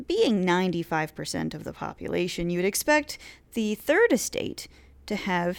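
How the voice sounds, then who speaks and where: Chatty woman with a lively voice. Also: lowish voice, normal speed, creaky. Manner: chatty, playful, many "uh" fillers. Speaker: history podcast host. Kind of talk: casual history lecture.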